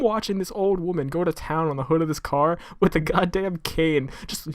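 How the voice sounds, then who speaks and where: A man's voice: fairly high pitch, brisk, hardly any pauses, no room sound, clean studio sound. A young man co-hosting a podcast, telling stories in a rambling, casual way with lots of fillers. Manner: rambling storyteller, full of fillers, laughs while telling. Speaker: podcast co-host.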